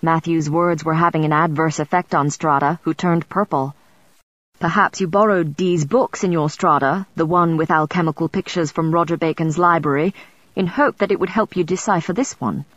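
A woman with a fairly low voice narrates an audiobook in the first person, composed and even. The recording is dry and dull, with a lo-fi edge. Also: normal speed, no room sound.

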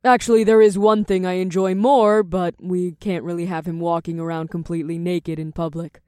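A man's voice: high voice, level tone, darkish tone, smooth, no room sound, studio quality, voice pushed up, natural voice. Man putting on a purring sultry witch. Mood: teasing. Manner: slow, purring, flirtatious. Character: sultry teasing female witch.

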